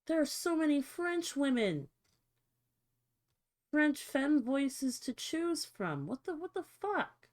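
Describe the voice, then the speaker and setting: A woman streamer with a lively voice that swings high and low, talking casually to her chat at an unhurried pace. She swears freely and reacts out loud as she tinkers with her settings. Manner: expressive, swears freely, talks to chat while fiddling with settings. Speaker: livestreamer.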